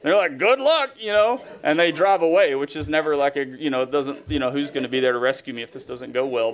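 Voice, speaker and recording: A man preaches a sermon in a relaxed, conversational way, padding his sentences with "like" and "you know". His voice sits a little high for a man. He grows animated and emphatic when he voices God's words of encouragement. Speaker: pastor.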